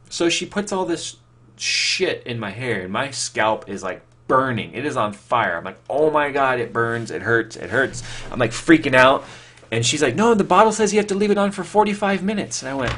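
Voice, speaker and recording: Rambling low-voiced man streaming live. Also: fairly bright tone. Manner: rambling, loose, full of fillers and restarts; reads viewer questions aloud and answers off the cuff. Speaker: streamer answering chat. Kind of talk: casual live stream chat.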